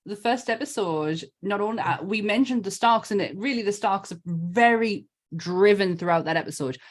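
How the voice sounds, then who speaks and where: A woman's voice: medium pitch, moderate pace. A woman co-hosting a podcast, talking enthusiastically and with emphasis in casual chat. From North East England. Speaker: podcast co-host.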